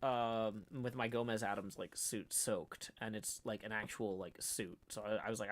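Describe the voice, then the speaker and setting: A man's voice: on the low side, fairly even intonation, normal speed, few pauses. A man chatting casually on a livestream, rambling through stories with many fillers and restarts. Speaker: streamer co-host.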